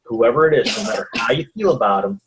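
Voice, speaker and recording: A man from the United States chats in an easygoing way, drifting from thought to thought and agreeing along the way. His voice is at an ordinary middle pitch. It is a relaxed podcast conversation. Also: fast talker, background noise. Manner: calm, agreeable, rambling. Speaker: podcast co-host. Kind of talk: casual political chat.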